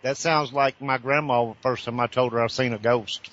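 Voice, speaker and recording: A man's voice: mid-range voice, fairly even intonation, moderate pace, a bit bright. A man co-hosting an online radio show who chimes in with wry asides and jokes. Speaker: co-host. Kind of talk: casual chat on an internet radio show. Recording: dull lo-fi audio.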